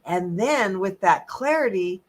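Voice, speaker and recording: A woman holistic health coach giving an animated, emphatic motivational talk, swinging between loud and soft. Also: mid-range voice, unhurried.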